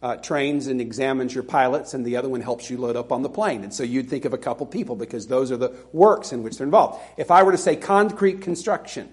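A man's voice: medium pitch, quick pace, hardly any pauses. A middle-aged man from Alabama preaching a sermon as a pastor, conversational and self-deprecating, with laughing asides.

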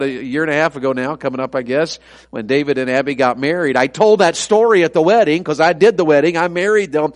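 A middle-aged evangelist preaches in a homespun, storytelling way. His voice sits somewhat high for a man, and he keeps the mood light with self-deprecating humor about his own family. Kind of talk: sermon.

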